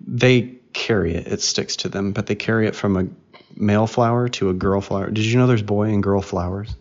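A man in his thirties chatting casually with his young daughter on a podcast, patiently explaining things through questions and gentle teasing. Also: fairly low pitch, fairly even intonation, a little fast. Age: 30s. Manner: patient explainer who asks questions and teases. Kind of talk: casual family chat. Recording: dull lo-fi recording.

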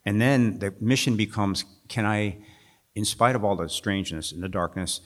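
Low-voiced male author, wry and chuckling, reads his fiction at a festival event. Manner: wry, chuckling, with halting restarts when talking freely. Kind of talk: reading fiction aloud at a live festival event, then discussing. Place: festival stage.

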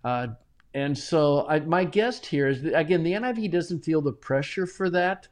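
A middle-aged man talking as a guest in a casual interview, animated and often chuckling, with frequent restarts. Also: fairly high pitch, moderate pace. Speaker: Bible translator guest.

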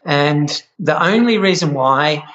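Australian man, lively lo-fi storyteller. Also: fairly high pitch, slow. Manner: animated storyteller, laughs often. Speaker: guest, chef running an online membership. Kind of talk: casual interview chat.

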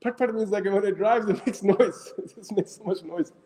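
Speaking at a moderate pace in a high, husky voice, a middle-aged Islamic scholar delivers a storytelling talk. He's animated, quizzes the audience as he goes, and mixes in phrases.

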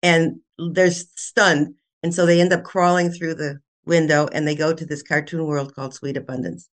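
An older woman, a children's author and guest, retelling her book's plot in a casual, animated way with laughs. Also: sits low, moderate pace. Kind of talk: casual storytelling interview.

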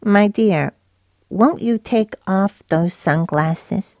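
A woman putting on a mincing, squeaky-voiced man. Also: very slow, darkish tone, dry recording, clean studio sound. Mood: insistent.

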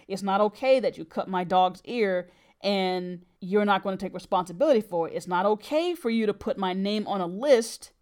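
A middle-aged woman hosting a podcast, telling a personal story in an earnest, emphatic way. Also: mid-range voice. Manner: earnest and emphatic, with brief laughs.

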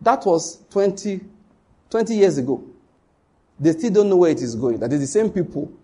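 This man, a pastor with a Nigerian accent, is preaching directly to his listeners, hammering points home through repetition. His high, mellow, husky voice is very animated, though his speed stays normal.

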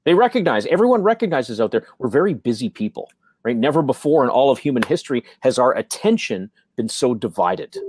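A man's voice: medium pitch, sing-song, a little fast, a little mellow, husky, no room sound. A man co-hosting a business chat, emphatic and motivational, asking rhetorical questions and often tagging on "right?". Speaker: podcast co-host.

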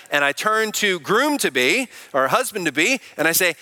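A man's voice: a little high, lively intonation, unhurried, hardly any pauses, sharp tone, big-room sound. A pastor preaching a sermon in an earnest, conversational way, putting direct questions to his congregation. He mentions that he can sound angry when he is not.

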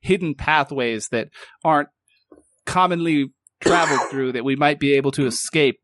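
A man's voice: fairly high pitch, normal speed, fairly bright tone, no room sound. A man playing a tabletop game, playful and giggly, slipping into mock-grand speech. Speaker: player. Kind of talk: tabletop game play, in character.

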